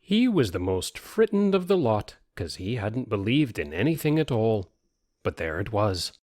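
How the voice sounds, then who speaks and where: A man's voice: fairly low pitch, normal speed, no echo, studio quality. Man telling a rustic tale. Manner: lively rustic dialect storytelling. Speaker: narrator. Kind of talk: storytelling reading.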